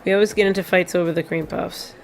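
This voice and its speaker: A woman reading aloud the lines of a quiet, grieving teenage boy from a video game, in her own plain voice. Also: fairly low pitch, steady tone, fast talker, vocal fry, a little hiss or hum. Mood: wistful.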